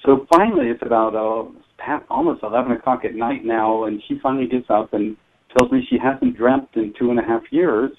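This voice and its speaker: A man guest telling stories on a talk show, halting and hesitant with frequent restarts, heard over a phone line. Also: mid-range voice, animated, a little hiss or hum. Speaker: guest dream expert. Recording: tinny phone-line sound.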